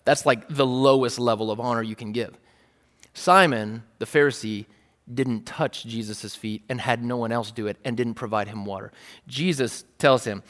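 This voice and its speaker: A man's voice: mid-range voice, normal speed, a bit bright. Playful preacher man in a reverberant hall. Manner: conversational, playful, dramatizing. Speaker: pastor. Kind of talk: sermon. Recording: long reverb of a large hall.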